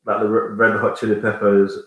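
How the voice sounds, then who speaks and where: A man's voice: fairly low pitch, completely flat delivery, fairly quick. A man in his thirties from Jamaica, a band singer chatting casually as a guest and rambling as he searches for words. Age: 30s. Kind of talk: casual interview chat. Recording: very echoey room.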